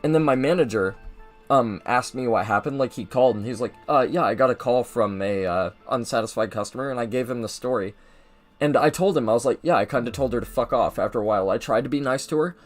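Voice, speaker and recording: A man's voice: medium pitch, fast talker, soft background music. Young man rambling through a story. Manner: rambling, animated, mimics people in his story. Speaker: gaming video host. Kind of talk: casual storytelling over gameplay.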